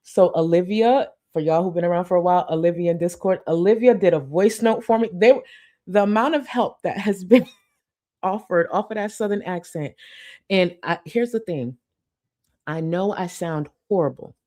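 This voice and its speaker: A woman's voice: lowish voice, moderate pace, warm tone. A young woman hosting a casual commentary livestream, chatting and reading out supporter messages. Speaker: livestream host.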